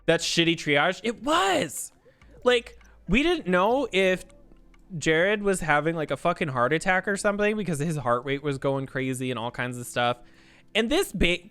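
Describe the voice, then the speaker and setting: A man's voice: on the high side, fairly bright tone. A man streamer telling a story in a casual, ranting way, swearing a lot.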